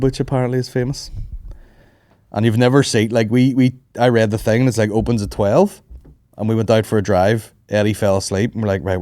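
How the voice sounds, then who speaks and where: A man with a low voice chats on a podcast, swearing freely and acting out the people in his stories. The sound is close and dry, with no room around it. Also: no echo. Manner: swearing, animated storytelling with mimicked voices. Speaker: podcast host. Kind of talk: casual chat.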